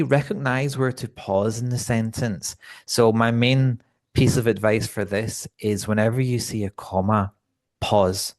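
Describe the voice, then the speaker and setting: Man, low voice, English tutor, clear deliberate teaching. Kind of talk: online lesson to camera.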